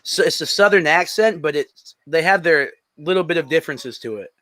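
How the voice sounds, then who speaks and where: An easygoing man from North Carolina talks as a guest on a call, his voice a bit high for a man. The sound is dry and close, and he often replies with short agreements. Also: lively intonation, a little fast, pushed and bright, no room sound. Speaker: guest musician. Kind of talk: casual interview chat. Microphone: call audio.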